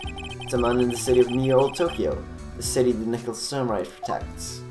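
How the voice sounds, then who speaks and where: A man's voice: mid-range voice, brisk. A man streaming himself reading a courtroom visual novel aloud, voicing the parts and dropping dry quips, heard from a distant mic with game music behind. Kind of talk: casual game reading with asides.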